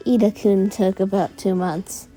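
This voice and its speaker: A cheerful, easygoing teenage girl hero who talks lightly, put on by a woman narrating a fan story. Her tone is mellow. Faint music sits behind. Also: mid-range voice, steady tone, a little slow, lightly acted, rough recording.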